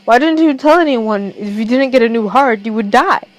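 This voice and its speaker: A woman's voice: on the high side, expressive, normal speed, lightly acted. Worried young friend, as a woman reads her. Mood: pleading.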